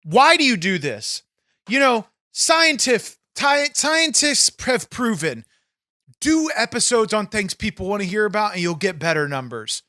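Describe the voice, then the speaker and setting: A man's voice: sits high, sharp tone, no room sound, clean studio sound. A man co-hosting a comedy podcast, ranting in exasperation and swearing constantly. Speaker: podcast co-host. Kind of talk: comedic banter.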